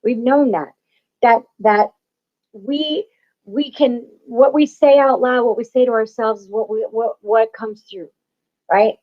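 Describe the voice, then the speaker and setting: Woman, spiritual talk host, emphatic and repetitive, swears freely, raised pitch, dull lo-fi audio. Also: a little slow.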